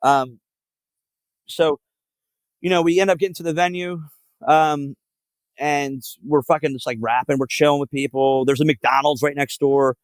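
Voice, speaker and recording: A man's voice: on the high side, steady tone, normal speed, long pauses, no room sound, rough recording. A man, a guest musician telling road stories in a casual podcast chat, profane and full of filler words. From Philadelphia area.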